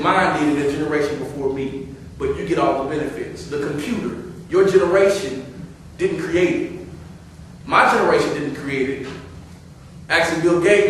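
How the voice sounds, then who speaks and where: Male pastor, middle-aged, high-pitched sermon delivery from quiet to loud playful scolding; very echoey church, faint hiss. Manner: swings from hushed talk to loud, playful scolding. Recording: very echoey hall, far-off mic, faint hiss.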